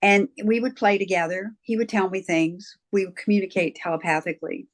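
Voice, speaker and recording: A woman's voice: medium pitch, steady tone, fairly quick. An older woman recounting her childhood experiences as an interview guest. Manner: earnest, reflective storytelling. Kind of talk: interview storytelling.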